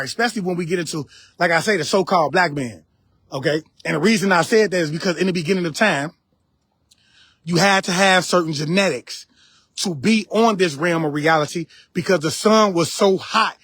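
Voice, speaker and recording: A man's voice: sits high, a little fast, a bit bright, husky, dry recording. A man giving a casual spiritual lecture on a live stream, talking straight to his viewers, repeating his points and speaking. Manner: preachy, repeats phrases, addresses viewers directly.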